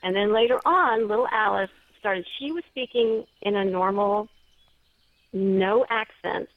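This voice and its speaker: A woman's voice: medium pitch, a little slow, dry recording. Woman author telling a story over dull audio. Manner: chatty, earnest storyteller. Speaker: guest author. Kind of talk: storytelling in an interview. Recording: dull dry lo-fi sound.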